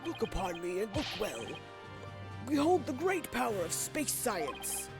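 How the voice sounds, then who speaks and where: A woman's voice: fairly high pitch, big pitch swings, unhurried, music in the background. A woman voicing a pompous older male space center director in a put-on Russian accent, speaking grandly and self-importantly. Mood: grandiose.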